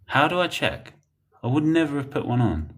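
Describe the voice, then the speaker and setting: A man's voice: a little high, very animated, moderate pace, fairly bright tone. A young man, chatting bluntly and rambling while reading comments on a livestream. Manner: blunt, rambling, laughs often.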